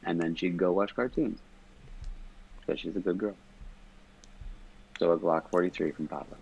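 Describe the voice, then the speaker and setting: Stoned man with a deep gravelly voice. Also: fairly even intonation, normal speed, a little mellow, dull audio, slight background noise. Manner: rambling, swearing, stoned and giggly. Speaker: podcast guest. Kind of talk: casual podcast chat.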